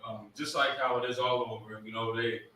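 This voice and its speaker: A man's voice: mid-range voice, steady tone, fairly quick, sharp tone, roomy sound, recorded from a distance. A man from Trenton talking loosely as a guest on a panel. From Trenton, New Jersey. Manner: loose and conversational. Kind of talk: casual panel discussion.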